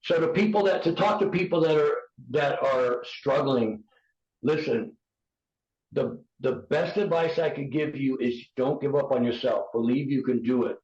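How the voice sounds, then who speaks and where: A man's voice: medium pitch, moderate pace, a little mellow. A man from the United States in his fifties, a podcast guest giving an earnest, pleading personal testimony, often restarting his sentences. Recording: roomy, dull podcast audio.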